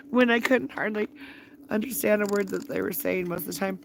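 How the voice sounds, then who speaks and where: A woman's voice: medium pitch, a little fast, creaky, a little hiss or hum. A middle-aged woman telling a rambling story to her live stream from a campfire at night, laughing often as she talks. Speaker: livestreamer. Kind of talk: casual storytelling. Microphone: phone live stream.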